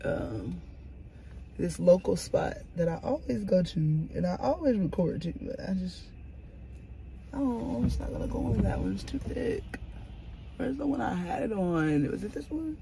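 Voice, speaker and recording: A woman chatting casually to her camera from inside a car, animated and swearing freely as she talks to herself. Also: mid-range voice, moderate pace, gravelly. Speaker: vlogger. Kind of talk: casual car vlog chat. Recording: car noise behind the voice. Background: vehicle ambience.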